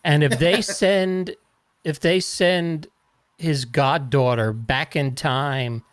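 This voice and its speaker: A male podcast co-host chatting casually, with dry jokes and lots of halting restarts. His voice sits a bit high and moves slowly and unhurriedly. The sound is close and dry. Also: fairly even intonation, no room sound. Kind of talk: casual chat.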